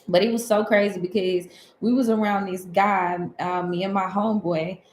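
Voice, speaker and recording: A woman from Alabama talks with a Southern accent, wandering from point to point in a relaxed spiritual chat. Her voice sits at an ordinary middle pitch. The room has a clear echo, with faint noise behind her. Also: normal speed. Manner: rambling, conversational, digressive. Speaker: tarot and spiritual host. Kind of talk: casual spiritual talk.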